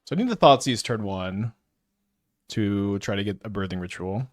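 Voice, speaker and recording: A man's voice: on the low side, normal speed, dry recording, clean studio sound. A man giving casual live commentary while playing a card game, stuttering and restarting often as he thinks aloud. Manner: stutters, many restarts and fillers.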